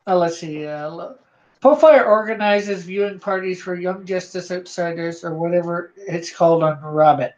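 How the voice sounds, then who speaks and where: A man hosting a live drawing stream, reading viewer comments aloud in a halting way, with many fillers. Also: sits high. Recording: dull lo-fi stream audio.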